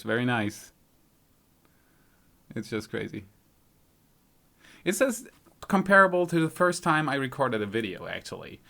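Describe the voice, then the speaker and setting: A man with a light German accent hosts a casual live stream and greets viewers by reading out their comments. His low voice has a gravelly fry, and he talks his way through each fix to his stream settings. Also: fairly bright tone. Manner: thinks aloud while fiddling with stream settings; friendly, reads out viewers' comments. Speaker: YouTube channel host.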